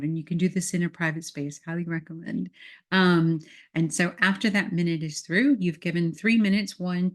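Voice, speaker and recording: A woman's voice: fairly low pitch, darkish tone. A woman leadership coach talking listeners through an exercise step by step, repeating key words for emphasis. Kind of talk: guided exercise instruction.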